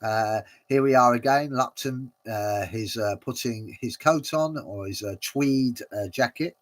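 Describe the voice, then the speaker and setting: A man's voice: medium pitch, a little slow. A man hosting a watch-along, commenting casually and rambling with many fillers and frequent chuckles.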